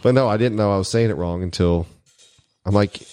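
A man's voice: on the low side, a little fast, darkish tone, clean tone, no room sound. A married man in casual banter with friends, joking and laughing often and poking fun at himself. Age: adult, married. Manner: jokey, laughs often, self-mocking. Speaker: podcast co-host.

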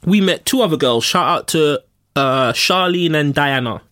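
A man from North London with a London accent, co-hosting a podcast and telling a story in casual, slangy chat full of shout-outs. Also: a little high, normal speed. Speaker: podcast co-host.

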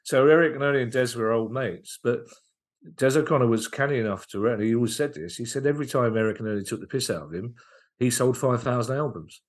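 A man, a guest comedian, chatting casually on a podcast and telling anecdotes, often stopping and restarting mid-sentence. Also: mid-range voice. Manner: anecdotal, halting with frequent restarts.

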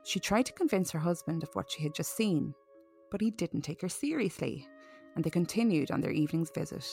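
Playful woman podcast host, low voice. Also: lively intonation, a little fast, vocal fry, dark tone, soft background music. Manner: playful, teasing. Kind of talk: comedic storytelling podcast.

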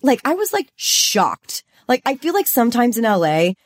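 A woman's voice: on the high side, big pitch swings, moderate pace. A young woman from Los Angeles co-hosting a podcast, talking in a bubbly, chatty way and saying "like" a lot. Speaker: podcast co-host. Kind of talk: casual chat.

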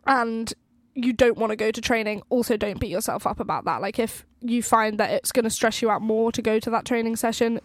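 A woman's voice: on the high side, fairly quick, dry recording. A young woman co-hosting a podcast as a student-athlete, chatting casually with frequent "like" fillers and easy laughter. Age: young adult. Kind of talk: casual chat. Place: university.

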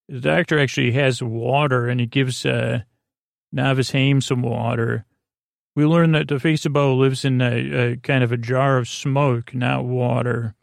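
A man hosting a bedtime podcast, recapping a TV episode in a meandering way, halting often with fillers. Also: mid-range voice, level tone, vocal fry, dry recording, studio quality. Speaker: podcast host.

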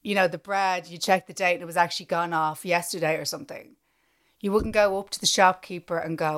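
Animated Irish woman acting out scenes. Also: lowish voice, fairly quick. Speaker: podcast co-host. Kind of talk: casual chat.

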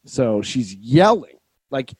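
A man hosting a podcast, telling a story in a casual chat with lots of swearing and quick restarts. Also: medium pitch, very animated, a little mellow, a little hiss or hum. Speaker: podcast host. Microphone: remote call setup.

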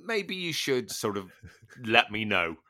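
Bright-voiced man telling a story. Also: lowish voice, sing-song, measured pace. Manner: storytelling, acts out quoted dialogue, swears casually. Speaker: podcast co-host. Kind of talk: casual chat.

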